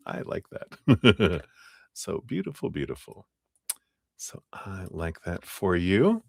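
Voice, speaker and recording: A man's voice: sits low, wildly swooping pitch, slow pace, vocal fry, a little mellow, breathy edge, no room sound, clean studio sound. A man hosting a live tarot reading stream, chatting casually, often apologizing and laughing between readings.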